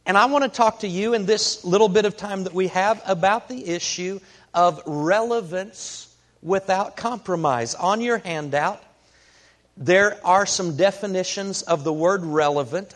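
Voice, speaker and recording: A man preaching a sermon, telling a folksy story in an unhurried way with many fillers. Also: sits high.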